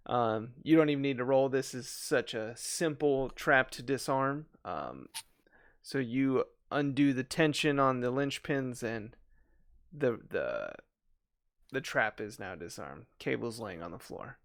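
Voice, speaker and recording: A man running a tabletop game as game master, describing scenes slowly with fillers. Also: medium pitch, lively intonation. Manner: slow, descriptive narration with fillers and laughs.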